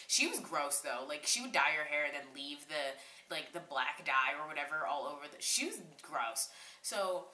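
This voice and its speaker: Animated young woman telling a story. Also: sits low, moderate pace, echoey room. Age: young adult. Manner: animated, slangy, talks in a rush with many "like"s. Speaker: vlogger. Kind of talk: casual storytime vlog.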